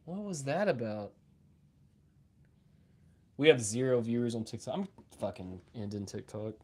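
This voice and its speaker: A man's voice: medium pitch, animated, measured pace, a little mellow, slightly rough. A middle-aged man co-hosting a casual live podcast, telling profane, rambling stories and coughing now and then after a bout of pneumonia. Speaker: podcast co-host.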